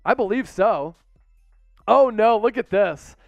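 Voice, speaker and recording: Excitable high-voiced male sports host. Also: slow, no room sound, highs cut off, faint music behind. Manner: excitable, shouts chants and play-by-play calls. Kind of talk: live sports watch-party commentary.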